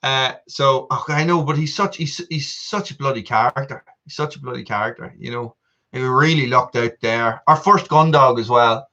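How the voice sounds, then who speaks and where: Testing a camera mic against a desk mic, a man chats with viewers on a casual home live stream from an upstairs room. His mid-range voice sounds pushed and bright at a moderate pace, and he wanders, teases himself, laughs a lot, and often starts over. The audio is dull.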